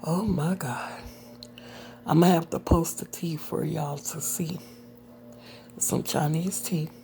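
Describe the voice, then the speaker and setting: A woman's voice: sits low, steady tone, slow pace, warm tone, a little hiss or hum. A woman in her late forties talking casually to her viewers in a personal vlog, rambling with many fillers and dropping into whispered asides. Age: 40s. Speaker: vlogger.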